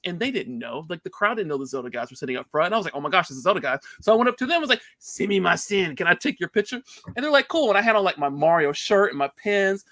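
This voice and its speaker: A man who works as a game developer, telling stories in a casual podcast hangout with excitable, animated delivery. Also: high-pitched, no echo.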